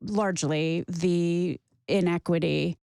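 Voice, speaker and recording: A woman's voice: fairly low pitch, fairly even intonation, slow, vocal fry, mellow, clear, resonant tone, dry recording, clean studio sound. Chatty woman podcast host. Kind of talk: podcast interview.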